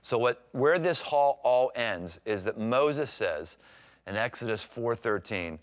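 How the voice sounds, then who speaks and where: A man's voice: mid-range voice, slow. A man preaching a sermon as pastor, conversational and emphatic, acting out scripture scenes. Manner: animated, acts out scripture scenes with voices.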